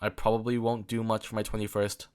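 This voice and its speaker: A young man in his late teens from England, hosting a solo chat show. His voice sits on the low side, and he rambles, stumbles over his words, and fills gaps with "like" and "um". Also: little pitch movement, fast, a little mellow, smooth. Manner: rambling, repeats words, many fillers. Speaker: podcast host.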